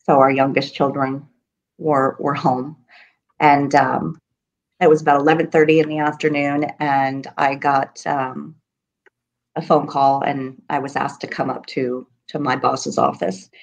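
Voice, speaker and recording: Grieving mother, middle-aged, low voice, halting and emotional; interview guest on a video call. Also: steady tone, creaky. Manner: halting, many ums, voice breaking with grief. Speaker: guest, mother of a murder victim.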